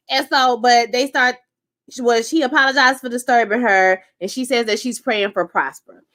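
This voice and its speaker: Young woman reviewer, sassy casual recap chat, bright and punchy. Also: a little fast. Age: young adult. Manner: sassy, animated, slangy, breaks into high exclaims. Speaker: show reviewer.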